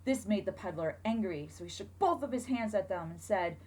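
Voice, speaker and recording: Lively woman reading a children's story. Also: mid-range voice, moderate pace, poor audio. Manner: expressive, asks the children questions. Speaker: teacher. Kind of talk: reading a picture book aloud to children.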